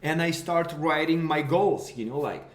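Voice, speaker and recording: A man's voice: a little high, moderate pace, background noise. A young man from Russia with a Russian accent, chatting playfully on a livestream in broken English and laughing often. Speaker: livestream co-host. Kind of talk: casual livestream chat.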